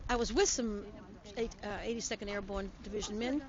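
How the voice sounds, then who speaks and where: A woman's voice: mid-range voice, fairly quick. An older American woman, a guest in an outdoor interview, telling stories in a chatty way. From United States. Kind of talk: casual on-location interview. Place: outdoors at a public ceremony. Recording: lo-fi outdoor audio with crowd.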